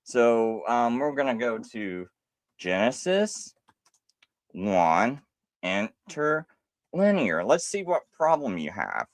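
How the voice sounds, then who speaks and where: A male livestream host with a sarcastic, mocking edge, laughing as he argues. His pitch moves all over the place, rising high in disbelief and dropping low. The sound is dry and close. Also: very animated, slow pace, no room sound. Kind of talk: livestream rebuttal commentary.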